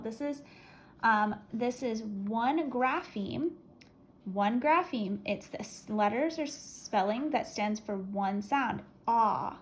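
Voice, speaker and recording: A woman teacher dictates spelling words in a slightly raised, patient voice, taking her time over every sound. She counts down calmly before checking the letters with her class. A faint hiss sits under the recording. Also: a little high, rough recording. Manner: slow, clear, deliberate word-by-word dictation with countdowns.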